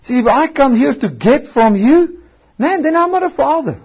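Man, preacher, sermon, high husky voice, emphatic drawn-out stresses, frequent restarts, dull lo-fi sound. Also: big pitch swings.

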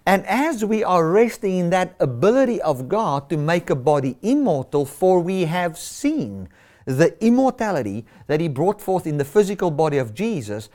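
A man's voice: fairly high pitch, big pitch swings, normal speed, darkish tone. A man preaching a sermon, stressing and repeating key words.

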